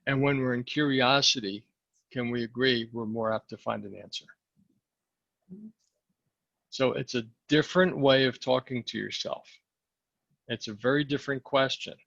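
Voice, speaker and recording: A man with a gravelly, husky voice leads a sales training session, hoarse and clearing his throat now and then. He keeps asking the group whether they follow. The sound is dull and dry, like lo-fi video call audio. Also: mid-range voice, normal speed, pauses often, fairly bright tone, dry recording. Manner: coaching, asks the group questions. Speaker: sales mindset coach.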